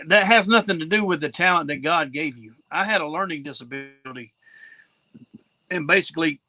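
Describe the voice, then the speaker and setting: A man's voice: a little high, bright, forceful tone, slight background noise, rough recording. A man, a podcast guest talking in a folksy, plain-spoken way over a video call from an outdoor porch. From South Carolina. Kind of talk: casual conversation. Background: crickets chirping.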